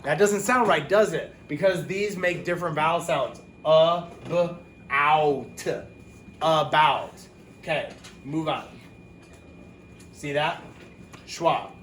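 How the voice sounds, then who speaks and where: A man teaching a phonics lesson to young children, talking casually, with quick asides and self-corrections. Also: a little high, a bit bright, a little hiss or hum.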